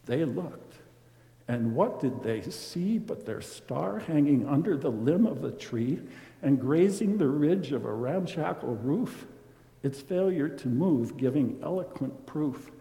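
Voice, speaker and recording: A man reading a rhyming story aloud, expressive and dramatic. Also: fairly high pitch, slow pace, creaky. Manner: expressive, dramatic swings in loudness. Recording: roomy with long reverb.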